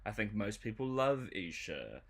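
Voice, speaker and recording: A man's voice: fairly low pitch, sing-song, measured pace. Exasperated man ranting about a show. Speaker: show reviewer streamer. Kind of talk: livestream commentary.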